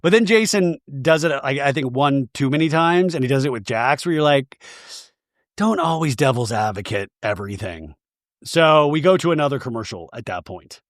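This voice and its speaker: A man hosting a podcast, giving comedic recap commentary in an animated, sarcastic way with plenty of swearing. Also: a little high, a little fast, few pauses, no echo, clean studio sound. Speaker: podcast host.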